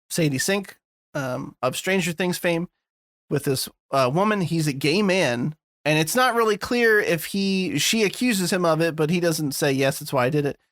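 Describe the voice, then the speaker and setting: Talkative man with a higher voice. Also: normal speed, no echo, clean studio sound. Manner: rambling, animated, swears casually. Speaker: podcast co-host. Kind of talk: casual chat.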